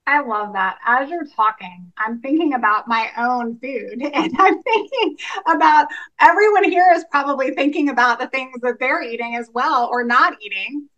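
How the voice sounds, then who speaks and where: Bright enthusiastic woman podcast host. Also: high-pitched, normal speed, muffled recording. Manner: warm, enthusiastic, affirming. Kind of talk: podcast interview.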